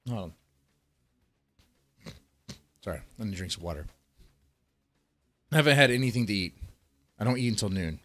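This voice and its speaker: A man's voice: fairly low pitch, animated, fast, a bit bright, no room sound. A man ranting in heated, profane political commentary, swearing often and reading articles aloud between outbursts.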